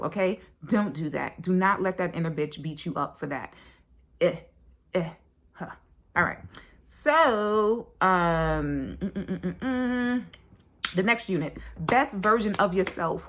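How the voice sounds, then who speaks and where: A woman's voice: mid-range voice, a bit bright. A woman parenting coach talking casually to her course members, chatty and blunt, tagging sentences with "right?" and "like" and swearing freely. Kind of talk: casual online course talk.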